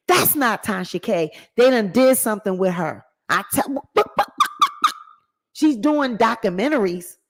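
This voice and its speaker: A woman giving playful, animated celebrity gossip commentary. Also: mid-range voice.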